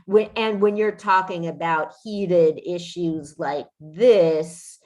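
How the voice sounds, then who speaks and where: A woman's voice: lowish voice, takes it slowly, a little mellow. A woman hosting a podcast in casual chat, ranting indignantly with frequent swearing and restarts. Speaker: podcast host.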